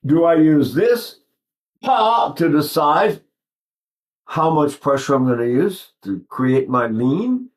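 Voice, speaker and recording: A man's voice: fairly high pitch, lively intonation, slow pace. A man in his eighties giving an informal singing lesson, rambling and digressive, often breaking off to demonstrate vocal sounds. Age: 80s. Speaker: voice teacher.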